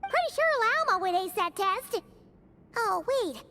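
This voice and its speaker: Tiny chirpy fairy girl, super high squeaky voice, bouncy and eager, game music behind. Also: measured pace, slight background noise, full character voice. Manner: excitable, eager.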